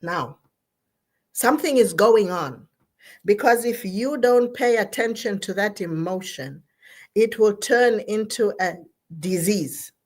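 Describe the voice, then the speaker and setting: Slow-speaking woman therapist. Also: medium pitch. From Zambia. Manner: emphatic, repeats and spells out key words. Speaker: therapist speaking at an online gathering. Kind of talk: motivational talk on mental health.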